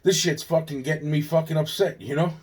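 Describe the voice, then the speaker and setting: A man delivering a rambling monologue, repetitive and profane, circling through restarts and breaking into sudden loud outbursts. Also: on the high side, fairly even intonation, a little fast, slightly rough.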